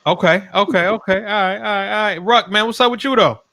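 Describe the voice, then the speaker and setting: A man's voice: high-pitched, fairly quick, bright, forceful tone, no echo. A man hosting a casual sports podcast, talking in loose, slangy banter with his co-hosts. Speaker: podcast host.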